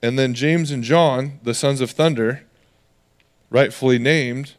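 A man preaching a conversational sermon as pastor, animated and lively, slipping into the voices of the people he quotes. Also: medium pitch, a little slow.

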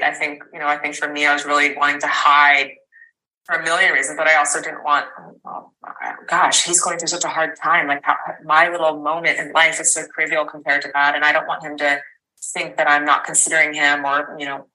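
Low-voiced woman telling a candid story. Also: little pitch movement, a little fast, pushed and bright, poor audio. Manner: rambling, full of fillers and restarts, candid with swearing. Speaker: podcast guest. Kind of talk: personal storytelling in conversation.

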